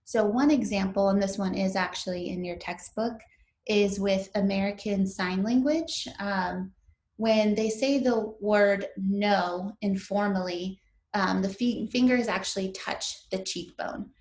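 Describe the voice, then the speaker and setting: A young woman teaches a recorded class in an easygoing, conversational way, with plenty of um and like. Her voice sits at an ordinary middle pitch. The room around her gives a noticeable echo. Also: a little slow, darkish tone. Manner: casual, lots of fillers like um and like. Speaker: instructor. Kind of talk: recorded online lecture.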